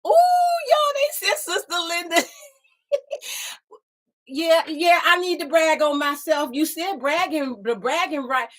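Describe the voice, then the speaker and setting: A woman's voice: sits high, lively intonation, unhurried, fairly bright tone. A woman voicing a sassy, folksy female design assistant who chats with a bubbly, teasing manner and plenty of slang. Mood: playful. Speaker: show's alter ego design assistant. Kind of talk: chatty talk-show segment in character.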